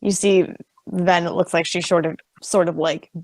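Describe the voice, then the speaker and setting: A woman's voice: on the low side, steady tone, normal speed, darkish tone, no room sound. A woman player in a tabletop role-play, rambling with lots of "like" fillers and turning firm when speaking in character.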